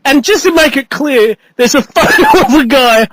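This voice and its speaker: A man's voice: extremely high pitch, big pitch swings, moderate pace. A man casually reviewing a movie with a co-host, rambling, laughing often and acting out characters. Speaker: podcast co-host. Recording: noisy amateur podcast recording.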